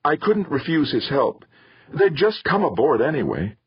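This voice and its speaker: A man's voice: a little high, big pitch swings, moderate pace, husky, no echo, pitched above the performer's own voice, exaggerated voice. A man voicing an anxious, earnest teenage son who pleads with his mother, in a dull, dry lo-fi recording.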